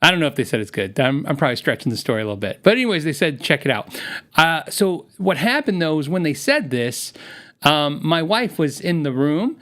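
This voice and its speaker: A man's voice: on the high side, very animated, a little fast, a bit bright. A man hosting his own live podcast, chatting casually and rambling through a story with frequent laughs, speaking into a studio mic while wearing headphones. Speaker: podcast host. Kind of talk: casual live-stream chat.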